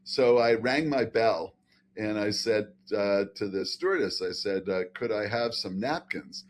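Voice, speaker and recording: A man's voice: on the low side, a little slow, slight background noise. Laughing older man telling a story. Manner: animated, laughing storyteller with many fillers. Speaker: scientist guest. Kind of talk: anecdotal storytelling.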